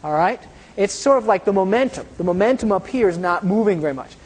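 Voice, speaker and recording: A woman teaching a science lesson through hands-on demonstrations, pausing often to check that her listeners follow. Her mid-pitched voice carries a long echo from a large room. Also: expressive, darkish tone. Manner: explains while doing hands-on demonstrations, often checking in with "okay?". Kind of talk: classroom demonstration lecture.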